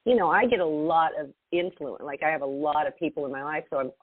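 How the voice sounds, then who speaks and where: A woman co-hosting a podcast in casual chat, expressive and laughing often, her voice swinging between loud and soft. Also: deep voice, fast talker, slightly rough, no echo. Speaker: podcast co-host. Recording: tinny phone-like sound, dry.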